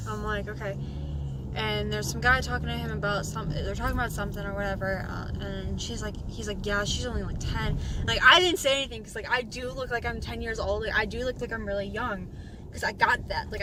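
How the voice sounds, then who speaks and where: A young woman in her twenties chatting casually and swearing as she drives, talking into a phone mounted in her car. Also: mid-range voice. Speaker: vlogger. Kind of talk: casual vlog chat while driving. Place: inside a car while driving. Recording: car noise clearly behind. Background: road and engine noise.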